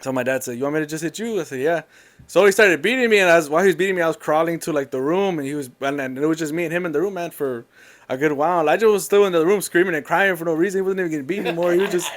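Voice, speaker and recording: A man telling a long family story in a casual, rambling, animated way. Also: on the high side, racing.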